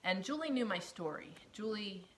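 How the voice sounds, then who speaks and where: A woman earnestly telling a personal story, emotional and often dropping to a hushed near-whisper, with laughs between phrases. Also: mid-range voice, big pitch swings, normal speed, slight background noise. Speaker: storyteller sharing her testimony.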